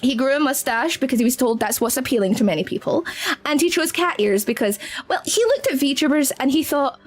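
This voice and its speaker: A woman with a Scottish accent chats on a live stream, her high voice swooping up and down as she giggles and gets flustered. She calls her viewers darling. Soft music plays faintly underneath. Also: animated, a little fast. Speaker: VTuber streamer. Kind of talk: casual live-stream chat.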